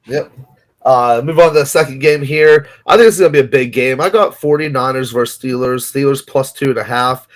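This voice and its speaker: A man co-hosting a casual sports betting podcast. He rambles through his picks, hedging and restarting his sentences with plenty of ums. His voice sits at an ordinary pitch. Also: steady tone, fairly quick. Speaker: podcast co-host.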